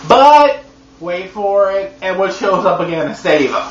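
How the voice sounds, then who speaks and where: A man reviewing a movie in a sassy, profane, animated comedy recap. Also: sits high, unhurried. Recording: echoey room, dull lo-fi sound, faint hum.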